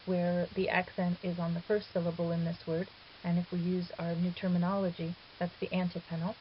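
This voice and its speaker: A woman calmly explaining a grammar lesson as a recorded teacher, patient and step by step, now and then correcting herself. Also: fairly low pitch. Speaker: Greek teacher. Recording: dull hissy lo-fi 2009 recording.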